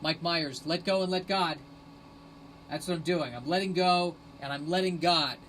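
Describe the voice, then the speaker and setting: A man hosting a rambling solo live stream on his phone, sarcastic and self-mocking, bursting into shouted rants. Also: a little high, moderate pace, a little hiss or hum, low-quality recording. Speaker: podcast host streaming live.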